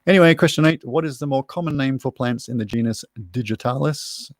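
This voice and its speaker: A man's voice: mid-range voice, moderate pace, vocal fry, few pauses, no echo, studio quality. A man hosting a live online pub quiz from home, chatty and rambling with self-mocking asides. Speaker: quiz host. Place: room at home.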